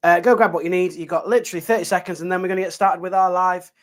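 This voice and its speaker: A man's voice: sits high, steady tone, very fast. A male geography teacher with a Yorkshire accent, chatting casually and upbeat to students on a live stream, full of fillers and restarts.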